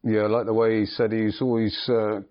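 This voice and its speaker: A man's voice: lowish voice, level tone, brisk, muffled recording. A man hosting a casual podcast chat, asking dry, teasing questions. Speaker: podcast host.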